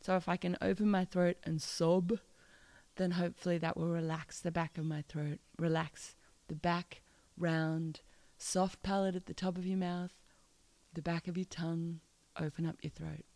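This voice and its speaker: A woman's voice: fairly low pitch, little pitch movement, normal speed, darkish tone, dry recording. A playful, encouraging woman teaching a singing lesson and demonstrating odd vocal sounds.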